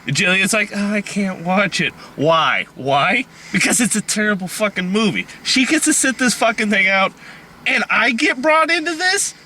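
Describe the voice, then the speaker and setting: A man's voice: high voice, animated, normal speed, bright, forceful tone, a little hiss or hum. A man co-hosting a comedic movie review, ranting in an exasperated, profane way. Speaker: co-host of a movie review podcast.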